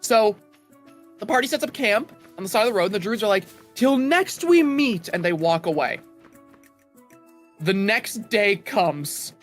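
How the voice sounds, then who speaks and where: A man tells a tabletop game story over voice chat, his voice fairly light in tone. He builds up to his punchlines with animated delivery. Quiet game music runs underneath. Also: high voice.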